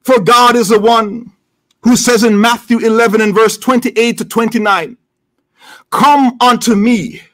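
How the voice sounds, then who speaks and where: A man's voice: very high-pitched, steady tone, normal speed, a bit bright. A man preaching a sermon in a church, building up with emphatic, repeated phrases. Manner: preaching with rising, emphatic repetition. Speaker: pastor.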